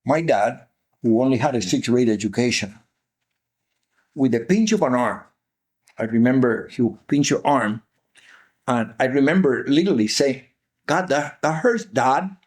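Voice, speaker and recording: An older man with a Cuban Spanish accent speaks in a mellow, darker tone. He tells his life story earnestly as an interview guest, pressing his points by repeating them. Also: mid-range voice, expressive, normal speed, pauses often. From Cuba. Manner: earnest, emphatic, repeats key phrases.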